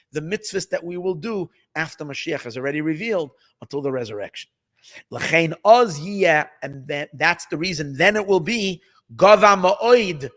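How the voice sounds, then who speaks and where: Animated rabbi, high lively voice. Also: male voice. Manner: excitable, emphatic, mixes Hebrew and Yiddish terms, repeats phrases. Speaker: rabbi teaching Hasidic text. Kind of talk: animated Torah class. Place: study hall.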